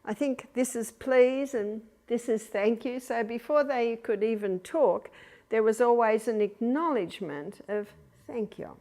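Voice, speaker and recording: A woman's voice: a little high, measured pace. Older Australian woman giving practical talk. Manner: anecdotal, chuckling, acts out quiet commands to babies. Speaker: speaker on child rearing. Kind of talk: lecture to an audience.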